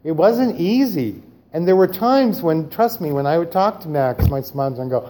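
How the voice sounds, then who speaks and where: A man sharing his own story at a recovery meeting, animated and acting out dialogue, then growing quiet and subdued on serious parts. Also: a little high, normal speed, a little hiss or hum. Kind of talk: personal recovery share.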